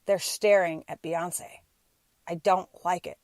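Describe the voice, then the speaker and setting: Woman quoting a calm, deadpan husband. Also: on the low side, slow, dry recording. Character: flat, literal-minded husband, middle-aged man.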